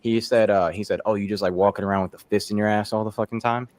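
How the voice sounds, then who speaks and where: A man's voice: fairly low pitch, fairly even intonation, quick pace, darkish tone. A man performing a stand-up comedy set, loose and profane, with lots of fillers. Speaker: comedian contestant.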